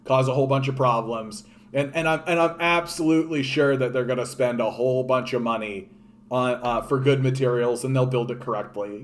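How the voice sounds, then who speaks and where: A man's voice: mid-range voice, a little fast. A man with a Canadian accent, ranting in a solo political commentary, sarcastic and profane, often mocking others in put-on voices. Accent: Canadian English.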